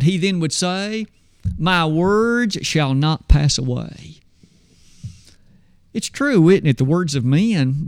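A man's voice: a little high, a little mellow, no echo, clean studio sound. A man preaching a sermon, posing rhetorical questions and swinging his voice up and down when he quotes scripture.

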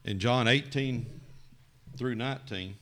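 A man preaching a sermon, telling a story with dramatic rises and quiet drops. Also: slow. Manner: dramatic, rising to loud emphasis then dropping low.

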